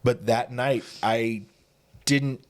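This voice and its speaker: A man's voice: mid-range voice, fairly even intonation, very slow. A man hosting a podcast, telling a self-mocking story in casual chat. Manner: self-mocking anecdote teller.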